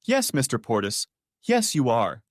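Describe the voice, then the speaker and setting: A man's voice: on the low side, very animated, moderate pace, a bit bright, no echo, studio quality. A man voicing a sly, teasing wife. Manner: coy, teasing delivery.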